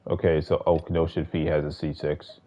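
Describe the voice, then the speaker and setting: He talks fairly quickly with little pitch movement, his very low male voice rambling through casual livestream commentary on his game, full of profanity and restarted sentences. The sound is dull and lo-fi, like a compressed stream.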